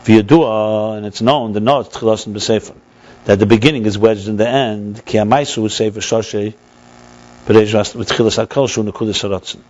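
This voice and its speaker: A man teaching a text study class as a rabbi, animated, repeating and restarting words and mixing Hebrew terms into his explanations. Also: on the low side, moderate pace, dull audio.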